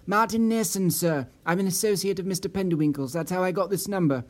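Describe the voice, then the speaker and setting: A man's voice: high-pitched, fast, pitched above the performer's own voice, natural voice. A man voicing an eager, earnest young man who speaks with a raised, hopeful voice. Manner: eager, earnest, slightly breathless. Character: eager, anxious young man, associate of a missing man.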